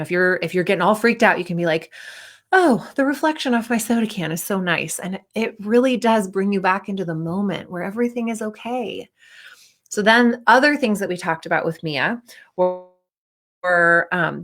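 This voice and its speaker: A woman's voice: lowish voice, fairly bright tone. A woman confidence coach talking casually to athletes, acting out their inner voices and leading a short breathing exercise. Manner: chatty, acts out inner voices, guides breathing.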